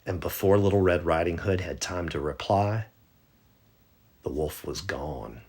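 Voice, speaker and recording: A man narrating a bedtime story in a gentle, measured way. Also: low-pitched, slightly rough.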